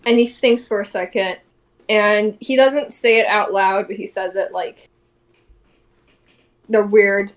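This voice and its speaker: A woman's voice: medium pitch, steady tone, slow pace, pauses often. Brash, swearing woman player. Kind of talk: casual tabletop game play.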